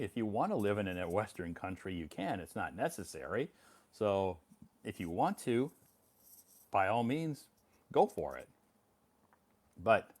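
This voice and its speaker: A middle-aged man from the United States chats casually to viewers of his live stream. His voice sits a little low, and his talk is relaxed and encouraging, often repeating a phrase for emphasis and stopping to answer comments. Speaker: English teacher hosting a live stream.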